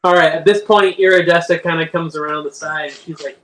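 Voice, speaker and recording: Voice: mid-range voice, steady tone, fairly quick, hardly any pauses, a bit bright, far from the mic. Casual game master narrating, roomy sound. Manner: loose, many fillers.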